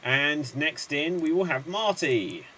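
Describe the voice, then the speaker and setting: Brisk male improv show host. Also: fairly high pitch, big pitch swings, sharp tone, slight background noise. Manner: brisk announcer, rattles off long chains of names. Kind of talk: hosting an online improv show.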